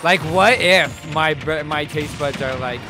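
A man hosting his own vlog speaks in a high, excitable voice, calling out to his viewers as he goes. Clear background music plays under his casual commentary. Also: a little slow. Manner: excitable, talks straight to viewers. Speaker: streamer and video host.

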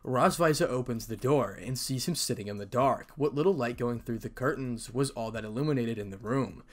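A man's voice: mid-range voice, brisk. A man narrating an amateur fan story in a plain reading style with occasional stumbles.

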